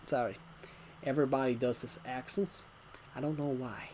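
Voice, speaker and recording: A man's voice: mid-range voice, moderate pace, a little hiss or hum. A man casually chatting to viewers while streaming a game, rambling and restarting sentences as he reacts to the chat. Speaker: game livestreamer.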